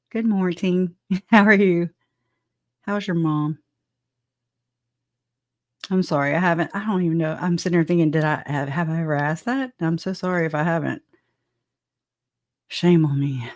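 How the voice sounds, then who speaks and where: Laughing low-voiced woman. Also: a little slow, pauses often, dry recording, clean studio sound. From southwest Louisiana. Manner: chatty, laughs often, joking asides. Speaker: true-crime livestream host. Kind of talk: casual livestream commentary, greeting chat.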